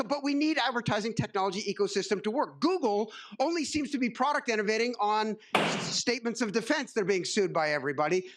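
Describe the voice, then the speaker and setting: Male keynote speaker with a high voice, dry wit and plenty of filler words. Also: fairly bright tone. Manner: wry, joking asides with frequent uh fillers. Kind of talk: conference keynote talk. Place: conference stage.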